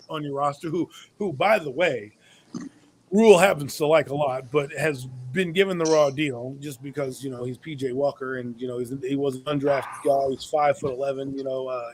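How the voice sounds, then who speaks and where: A man's voice: mid-range voice, normal speed, a little hiss or hum. A man hosting a casual sports podcast, opinionated and blunt, swearing freely as he gives his predictions. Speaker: podcast host.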